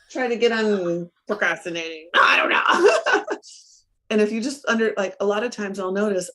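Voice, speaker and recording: A middle-aged woman coach in a casual interview, telling stories with lively acted-out quotes and frequent laughs. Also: medium pitch. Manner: animated storyteller, acts out her own quotes, laughs often.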